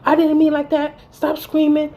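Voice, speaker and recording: Brief: defensive, pleading boyfriend, as a woman quotes him, higher than her usual voice. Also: completely flat delivery, moderate pace, mellow.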